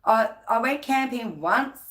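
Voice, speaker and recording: A woman's voice: fairly high pitch, expressive, measured pace, fairly bright tone. A woman with an Australian accent hosting a casual live stream, chatting freely, laughing often and greeting viewers by name.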